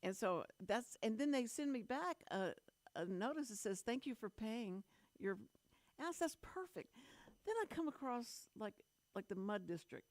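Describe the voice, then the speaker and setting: A woman in her fifties hosts a community radio talk show, chatting casually on air, laughing often and restarting her sentences. Her voice is on the high side, animated and a little mellow, at normal speed with no echo.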